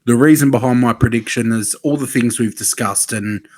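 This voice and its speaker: A man talking as a podcast guest, measured and brief. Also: mid-range voice, no room sound. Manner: measured, keeps it short. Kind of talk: casual podcast chat.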